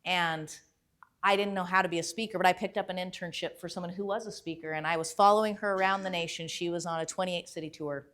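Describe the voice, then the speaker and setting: Lively woman giving a motivational talk. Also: lowish voice, fast. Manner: lively storytelling. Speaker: motivational speaker.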